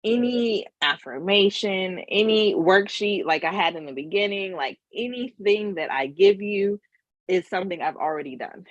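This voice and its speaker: A woman's voice: mid-range voice, lively intonation, moderate pace, no echo, muffled recording. A woman giving a casual motivational webinar talk as a money mindset coach, telling her story earnestly and emotionally.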